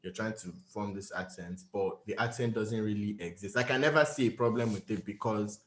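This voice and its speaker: A man's voice: on the low side, brisk, a bit bright. A man co-hosting a casual podcast, who talks emphatically and repeats himself to press a point. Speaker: podcast co-host. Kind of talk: casual chat. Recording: roomy echo.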